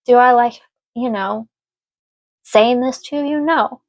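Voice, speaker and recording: A woman's voice: fairly high pitch, slow pace, no echo, muffled recording. A woman giving a casual spoken tarot reading, earnest and emotional, speaking reassuringly to her listener. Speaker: tarot reader.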